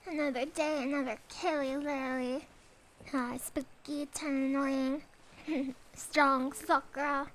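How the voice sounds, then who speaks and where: A woman's voice: sits high, steady tone, measured pace, fairly bright tone, slight background noise. A young woman streaming a game, chatting playfully and giggling between remarks. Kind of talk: casual gameplay commentary.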